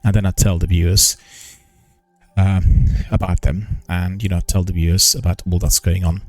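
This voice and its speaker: Older male streamer, deep voice, halting formal delivery, dry close sound. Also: flat delivery, no echo, soft background music. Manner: slow, halting, many ums and restarts; careful, formal enunciation. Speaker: gaming news streamer. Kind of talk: casual live-stream chat.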